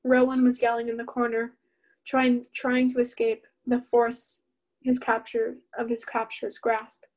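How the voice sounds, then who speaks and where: Woman, author reading her own book, first-person narration, monotone, fairly high voice. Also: unhurried. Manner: steady, even-toned reading.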